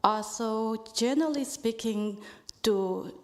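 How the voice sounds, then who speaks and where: A woman asking her teacher a question in a halting, hesitant way. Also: a little high, a little mellow.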